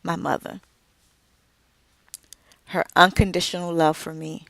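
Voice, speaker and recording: A middle-aged woman giving an inspirational speech about her family, slow and emphatic with dramatic pauses. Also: on the low side, flat delivery, creaky, fairly bright tone. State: tearful at moments. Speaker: author and speaker.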